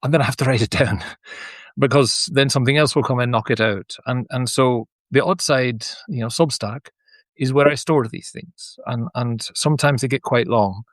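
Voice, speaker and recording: A man's voice: mid-range voice, normal speed, no room sound. A middle-aged Scottish man, a teacher, thinking aloud in a rambling, reflective monologue with frequent restarts and asides. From Scotland. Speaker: teacher sharing personal reflections.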